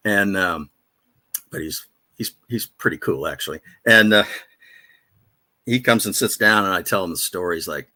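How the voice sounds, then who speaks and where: Low, bright-toned man telling stories. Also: lively intonation, a little fast, long pauses, no room sound. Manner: rambling, self-deprecating anecdotes with many fillers. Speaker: radio DJ guest. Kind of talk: casual storytelling interview. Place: radio studio.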